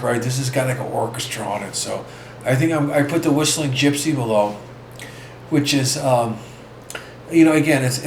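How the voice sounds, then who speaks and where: A man hosting a casual vlog, talking in a rambling, halting way with many restarts. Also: medium pitch. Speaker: vlog host. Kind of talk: casual record-collecting vlog. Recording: echoey room with faint ambient noise.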